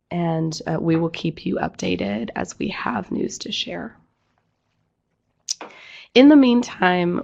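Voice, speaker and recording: A woman executive director with a hoarse, croaky voice from losing it, giving a businesslike staff update with fillers. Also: on the low side, darkish tone. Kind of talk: online presentation.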